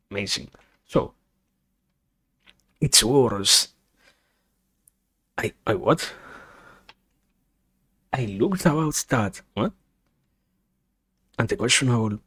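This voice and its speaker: A man's voice: lowish voice, a bit bright. Rambling male gaming streamer. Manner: rambling, self-correcting, swears casually while playing. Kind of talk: casual gaming stream chat.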